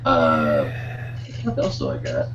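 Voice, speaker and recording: A man's voice: extremely low pitch, huge pitch swings, slow, creaky, fairly bright tone, slight background noise. Meandering man on a dull lo-fi mic. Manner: meandering, wanders off mid-thought. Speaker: podcast co-host. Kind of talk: casual chat.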